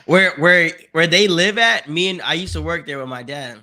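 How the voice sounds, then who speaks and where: A man's voice: a little high, normal speed, sharp tone. A man adding offhand comments in a casual chat among friends.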